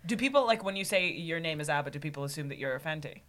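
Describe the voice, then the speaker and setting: A woman co-host on a chat podcast, talking fast with a lively, swinging pitch. Her voice sits on the lower side as she fires off eager questions.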